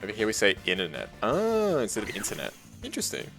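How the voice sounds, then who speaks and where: A man's voice: on the low side, huge pitch swings, fast talker, music in the background. A young Australian man, a streamer casually chatting with his live chat while gaming, reading messages aloud and laughing often.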